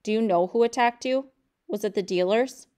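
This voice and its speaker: A woman reading aloud as a young wife and mother, calm and steady under strain. She speaks softly and plainly in a smooth, clear voice, as in a storybook reading. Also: mid-range voice, normal speed, natural voice. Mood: doubtful.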